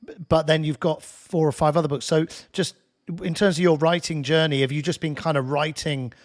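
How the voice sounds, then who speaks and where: A man hosting a casual podcast interview, asking questions in a relaxed, chatty way and laughing easily. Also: on the high side, brisk. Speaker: podcast host.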